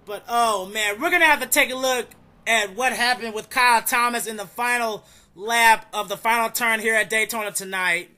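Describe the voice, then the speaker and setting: A young man calling a simulated stock car race as play-by-play commentator, excitable and shouting through close finishes. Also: very high voice, normal speed. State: out of breath. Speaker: sim racing league commentator.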